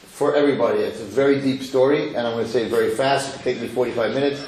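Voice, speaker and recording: A man giving a lively Torah lecture as a rabbi, emphatic and given to repeating words as he builds to a story. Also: medium pitch, fast talker. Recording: roomy hall with faint noise.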